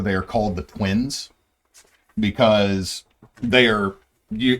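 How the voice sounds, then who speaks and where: A man as game master, casually walking his players through setting lore with plenty of fillers and restarts. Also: lowish voice. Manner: rambling, filler-heavy explaining. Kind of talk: casual session-zero lore briefing.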